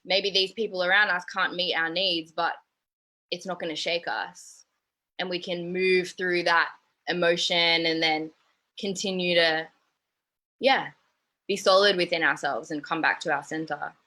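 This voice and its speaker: A woman talks earnestly in a relaxed chat, her voice sitting a little low with a bright, forceful edge. She speaks openly about feelings. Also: unhurried, low-quality recording. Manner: earnest, talks about self-growth with laughs and swearing. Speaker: host. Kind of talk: casual chat.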